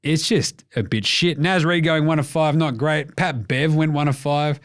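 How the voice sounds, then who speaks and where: A man with an Australian accent hosting a casual sports podcast, jokey and animated, swearing freely. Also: fairly high pitch, moderate pace. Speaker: podcast host.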